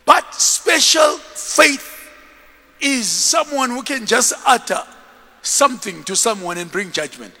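Preaching at a slow pace with frequent pauses, the bishop speaks in a very high, bright, creaky voice whose pitch keeps jumping up and down. He tells stories with animation, acting out each scene, while long reverb from the hall trails behind.

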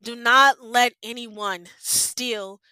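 Woman host, heartfelt devotional monologue, fairly high voice, emotional and insistent. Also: steady tone, very slow, bright, forceful tone, smooth, dry recording. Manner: earnest, repetitive, emotional, close to tears. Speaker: podcast host. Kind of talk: personal devotional talk.

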